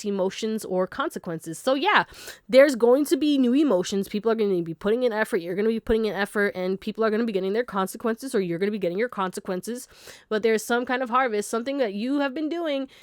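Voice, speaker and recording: A woman talks through a tarot card reading in a loose, chatty way, laughing often and speaking straight to her viewers. Her voice sits at a middle pitch. The sound is close and dry, with no room echo. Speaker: tarot reader.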